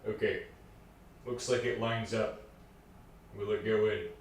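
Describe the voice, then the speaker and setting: A man's voice: on the low side, steady tone, measured pace, slight background noise. A man casually chatting on a live stream, joking around and reading viewer comments aloud while he builds a server. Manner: joking, rambling, reads chat aloud.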